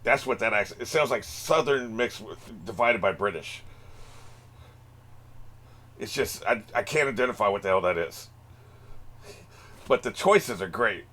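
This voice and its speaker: A man's voice: fairly low pitch, expressive, unhurried, pauses often, fairly bright tone, slightly rough. A man hosting an anime reaction video, cracking profane jokes and laughing often in casual commentary. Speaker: anime reaction channel host.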